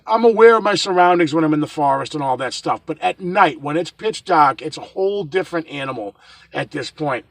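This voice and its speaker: A middle-aged man from New England casually recounting a night in the woods to his viewers, halting and often restarting his words. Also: a little high, vocal fry, a bit bright, no room sound. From northern Massachusetts. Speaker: vlogger recounting a hike. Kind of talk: casual first-person storytelling.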